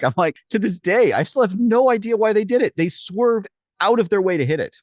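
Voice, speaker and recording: On a fitness podcast, this co-host is an animated storyteller who acts out quotes during casual chat. His voice is fairly high and a little fast, with no echo.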